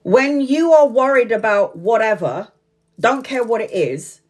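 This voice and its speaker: A tarot reader on a live stream speaks in a slightly high, slightly mellow voice, animated yet a little slow. She's candid and profane, laughs a lot and wanders into tangents.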